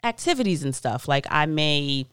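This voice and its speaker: A woman hosting a podcast, talking in a lively, blunt way and swearing casually. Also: low-pitched, moderate pace, clean tone, no room sound, clean studio sound. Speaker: podcast host. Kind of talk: casual interview chat.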